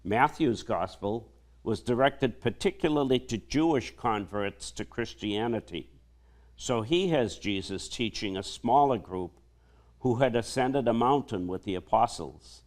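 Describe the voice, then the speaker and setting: A male priest delivering a homily in a slow, measured preaching manner. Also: medium pitch, lively intonation.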